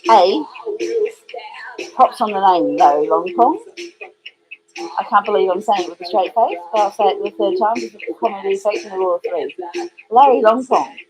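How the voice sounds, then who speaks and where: A woman's voice: fast, crowd noise, low-quality recording. A middle-aged Australian woman from Western Australia, hosting a casual livestream, reading out comments with a playful, theatrical manner. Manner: playful, theatrical, swoops up high in exclamations. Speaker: livestream host playing records. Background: music playing in the background.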